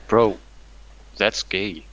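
A man's voice: lowish voice, steady tone, extremely slow, a bit bright, lo-fi sound. A young man chatting casually with a friend while gaming, joking, rambling and swearing a lot. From Denmark.

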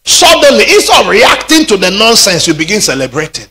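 A man preaching a sermon, rising into shouted peaks. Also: high-pitched, very animated, fairly quick. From Nigeria. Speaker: pastor.

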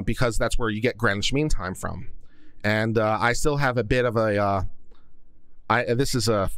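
A geeky male host of a live stream talks loosely through viewer questions, wandering off into side stories. His voice sits at an ordinary middle pitch and sounds close and dry. When a topic excites him, he projects and gets louder. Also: smooth, no echo. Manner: self-described geek, rambling and chatty. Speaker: law commentary host.

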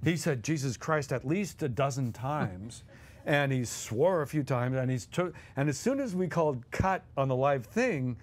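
Medium in pitch and a little slow, a man guest co-hosting a podcast recounts anecdotes with lively energy. He chuckles through his stories and imitates voices.

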